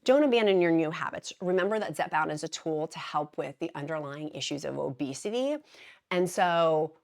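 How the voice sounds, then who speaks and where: A middle-aged woman talks casually to camera as a vlogger. Her voice sits a little low, and she is chatty and giggly. She sounds warm and encouraging throughout. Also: lively intonation, moderate pace, vocal fry.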